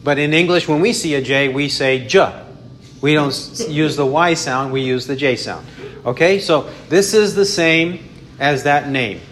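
A man teaching a Bible study, explaining in a measured way with frequent restarts and self-corrections. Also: a little high, fairly bright tone, slight background noise.

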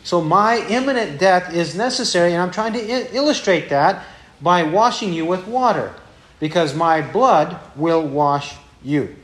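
A man's voice: high-pitched, lively intonation, a little slow, a bit bright. Preacher man with rhetorical questions, echoey. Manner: asks the congregation rhetorical questions. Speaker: pastor. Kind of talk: expository sermon.

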